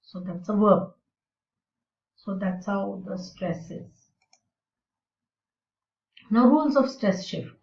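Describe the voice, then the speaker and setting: Slow, deliberate woman teaching from afar. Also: medium pitch, vocal fry, darkish tone. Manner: slow, deliberate explanation with fillers. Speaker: English teacher. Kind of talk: recorded lecture. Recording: roomy and distant, dull sound.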